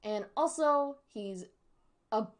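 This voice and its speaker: A woman's voice: on the high side, animated, slow. A woman streamer chatting casually and digressively while reacting to a horror series, often breaking into laughter. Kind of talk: casual live-stream commentary.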